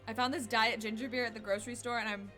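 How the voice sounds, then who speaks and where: A woman's voice: fairly high pitch, steady tone, quick pace, bright, forceful tone, faint music behind. A woman streamer giving casual, chatty commentary while playing a game, giggly and self-deprecating.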